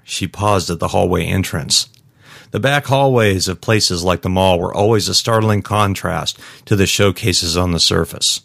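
A man narrating a story in a very deep voice, steady and measured. The recording is dry, with no room sound. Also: creaky, no echo. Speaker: audiobook narrator. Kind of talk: scripted narration.

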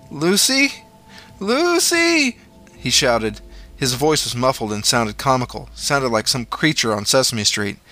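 A man reading a horror story aloud in a measured, dramatic storytelling manner. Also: medium pitch, sharp tone. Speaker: narrator. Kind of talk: scripted horror story narration.

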